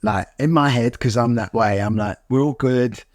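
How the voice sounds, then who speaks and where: A man's voice: mid-range voice, moderate pace, no echo, clean studio sound. A man, hosting a casual chat with his wife and speaking earnestly and reflectively. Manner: earnest, reflective, often restarts. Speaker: host, husband.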